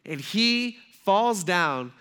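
Chatty, higher-voiced man preaching. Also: lively intonation, very slow, sharp tone, smooth. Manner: loose, chatty storytelling with frequent "like" and "right?". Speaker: pastor. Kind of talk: casual conversational sermon.

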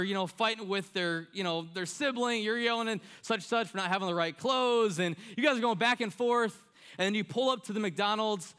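A man's voice: a little high, bright, forceful tone. A man preaching a casual sermon, telling a childhood story and acting out quoted voices with animation.

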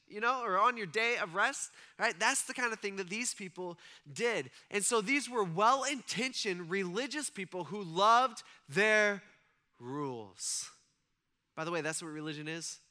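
Bright animated male pastor. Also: high-pitched. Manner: animated, conversational, acts out voices, asks the audience. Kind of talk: casual sermon.

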